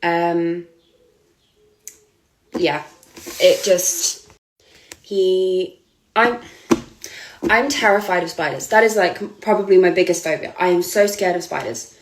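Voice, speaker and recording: A woman's voice: lowish voice, slow pace, long pauses. A woman, a model giving an earnest, hesitant personal account. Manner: earnest, hesitant, with frequent ums and restarts. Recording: echoey room.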